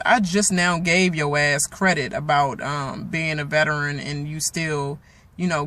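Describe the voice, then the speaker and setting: Fired-up man with a slightly high, bright voice; casual, swearing vlog recap. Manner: animated, swearing, trails off into asides. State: angry and worked up. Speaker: reality show recap vlogger. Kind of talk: casual profane recap rant.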